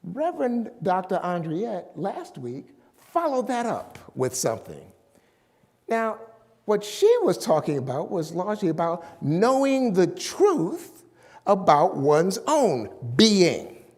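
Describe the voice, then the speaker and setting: Slow, emphatic preacher in a reverberant hall. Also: male voice, high-pitched, big pitch swings, a little mellow. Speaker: pastor. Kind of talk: sermon.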